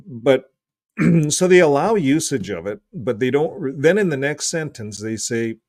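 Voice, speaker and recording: A man hosting a casual video, reading from a book and joking, clearing his throat often, with his voice getting hoarse. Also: medium pitch, expressive, a little slow, darkish tone, no echo. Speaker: video host.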